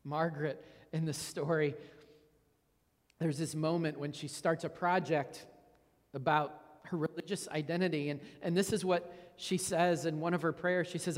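A man's voice: fairly high pitch, fairly even intonation, moderate pace, long reverb tail. A man giving a sermon as a pastor, earnest and reflective, often repeating words as he stresses a point.

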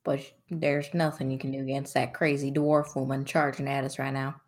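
A woman voicing an old male frog-folk elder who speaks slowly and gravely, calling others "son". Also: a bass voice, level tone. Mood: wry.

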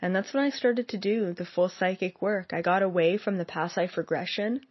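A woman's voice: on the low side, normal speed, husky, no echo. A young woman who works as a psychic, speaking earnestly and a bit rambling to her viewers with lots of fillers. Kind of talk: personal monologue to viewers. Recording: slightly muffled, dry sound.

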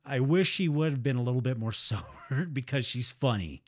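A man co-hosting a podcast in relaxed, wry banter, laughing along. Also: medium pitch, a little fast, no echo, clean studio sound. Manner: wry, laid-back, laughing. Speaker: podcast co-host. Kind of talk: casual banter.

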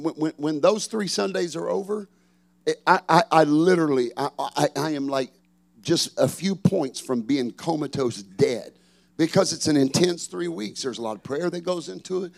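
A middle-aged man, a pastor preaching a sermon, swinging from shouted refrains to chatty storytelling. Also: on the high side, normal speed, vocal fry.

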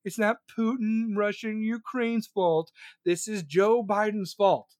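A man hosting a podcast, ranting angrily about politics with constant swearing and shouted questions. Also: high-pitched, steady tone, a little slow, no echo, clean studio sound. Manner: profane, furious, shouting questions. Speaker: podcast host. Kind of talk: angry political rant.

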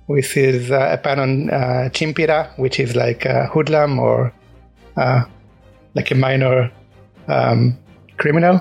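A man co-hosting a podcast with a gravelly, slightly husky voice. He explains things patiently but hesitantly, pausing on "uh" and "um". Faint music sits low in the background. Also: steady tone. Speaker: podcast co-host. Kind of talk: casual chat.

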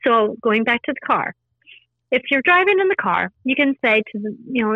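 A woman's voice: on the high side, very animated, moderate pace, dry recording, lo-fi sound. A woman talking earnestly in a casual interview, explaining her spiritual practice in a repetitive, teaching way. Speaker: spiritual intuitive guest.

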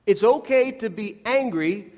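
A man's voice: sits high, expressive, measured pace, darkish tone. A man preaching a sermon, earnest and direct, who acts out the voices he quotes. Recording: echoey hall, dull lo-fi sound.

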